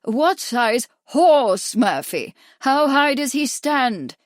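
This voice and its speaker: A woman voicing a gruff, crafty, hard-of-hearing old male doctor who asks brusque, clipped questions. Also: fairly high pitch, measured pace, dry recording, studio quality, natural voice. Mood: curt.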